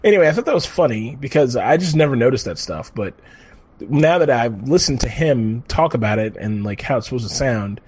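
A man's voice: medium pitch, animated, a little fast, darkish tone, husky. A man co-hosting a podcast, chatting casually in a rambling, profane way with lots of fillers. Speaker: podcast co-host. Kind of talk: casual chat.

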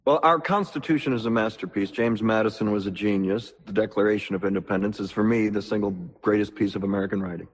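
An actor playing a blunt, exasperated news anchor who delivers a cutting, sarcastic rant full of listed facts. His voice is a little husky. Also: fairly low pitch, fast, hardly any pauses.

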